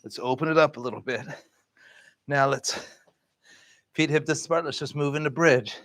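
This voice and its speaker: Calm male yoga instructor, dry sound. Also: on the high side, moderate pace, dry recording. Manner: calm breath cues, relaxed and encouraging. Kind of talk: guiding a yoga class.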